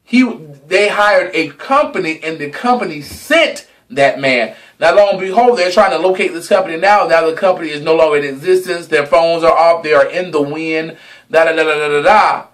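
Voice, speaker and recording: A young man with a high voice delivers a sassy, dramatic rant to his viewers. He swears freely and draws words out slowly for emphasis. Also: fairly bright tone. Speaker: vlogger. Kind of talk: casual gossip monologue.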